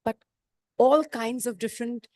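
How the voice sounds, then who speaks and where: A woman's voice: fairly high pitch, steady tone, measured pace, darkish tone, no room sound. A middle-aged woman from India with an Indian accent, giving an emphatic motivational talk with music on a conference stage and asking rhetorical questions. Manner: emphatic, rhetorical questions, sings note names. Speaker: musician speaking at a business summit.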